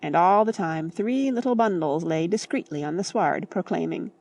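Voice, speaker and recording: Lower-voiced woman reading a classic novel. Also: vocal fry. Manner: measured, expressive reading. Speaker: audiobook narrator. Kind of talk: scripted narration of a classic novel.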